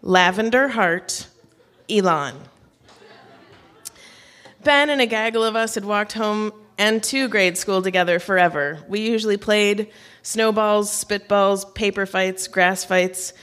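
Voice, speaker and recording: A woman's voice: mid-range voice, fairly even intonation, a little slow, a bit bright. A woman on stage telling a personal story to an audience in a wry, self-mocking way, with light laughs.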